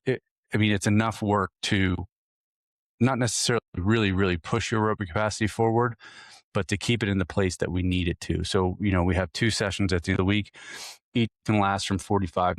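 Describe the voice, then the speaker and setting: A man with a deep, low voice hosts a casual podcast for hunters, explaining training in an earnest coaching tone. He often restarts phrases and repeats small words as he thinks aloud. The sound is close and dry, with no room echo. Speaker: hunting fitness coach, podcast host. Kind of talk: casual solo podcast talk.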